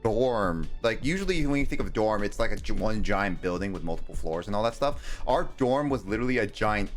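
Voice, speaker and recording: A young man in his twenties chatting casually as a co-host, halting, with many ums and restarts. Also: lowish voice, lively intonation, faint music behind. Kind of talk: casual chat.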